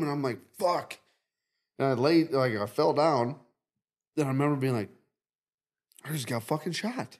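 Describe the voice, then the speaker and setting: A man's voice: medium pitch, animated, normal speed, long pauses. A man casually telling a long dream story on a podcast, rambling and profane, acting out quotes. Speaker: podcast co-host.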